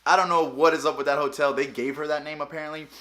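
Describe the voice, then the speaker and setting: Animated young man telling travel stories. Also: a little high, fast. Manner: animated, laughing, acting out quotes. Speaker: travel vlogger. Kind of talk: casual storytelling.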